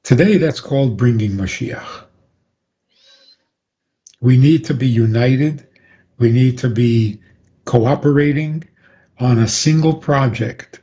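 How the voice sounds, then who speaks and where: A man, a rabbi, calmly explaining on a radio talk program and chuckling often. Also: medium pitch, takes it slowly, pauses often. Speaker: rabbi guest. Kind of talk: radio interview, Torah teaching. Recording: dull lo-fi radio audio.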